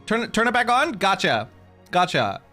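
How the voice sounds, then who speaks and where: A male game streamer chats casually with his viewers, his voice swooping up and down as he jokes at his own expense. He laughs often between remarks. Soft game music plays faintly in the background. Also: sits high, very animated, normal speed. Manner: giggly, self-mocking, laughs a lot.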